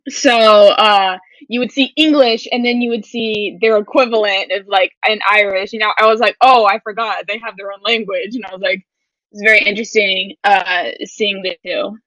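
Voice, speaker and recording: A woman's voice: mid-range voice, fairly even intonation, moderate pace, fairly bright tone, no echo. A young woman and study abroad alumna, chatting casually over a video call with hesitant fillers. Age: young adult. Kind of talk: casual chat. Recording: dry, lo-fi video call audio.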